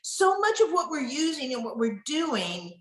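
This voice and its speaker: A middle-aged woman, teaching furniture finishing in a casual online mentoring session and telling stories with lively acted-out dialogue. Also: sits high, unhurried. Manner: animated storyteller, acts out what people said. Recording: roomy echo.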